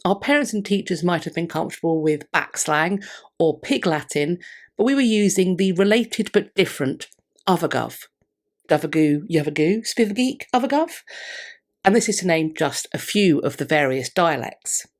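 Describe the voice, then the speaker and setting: A woman presenting a history video in measured, scripted narration, reading out scholarly quotations along the way. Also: on the low side, animated.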